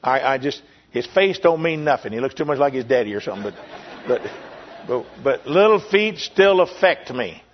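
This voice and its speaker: An older man, preaching and telling a personal testimony as a pastor, earnest and repetitive with pauses. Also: medium pitch, lively intonation. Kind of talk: sermon testimony. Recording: lo-fi dull recording.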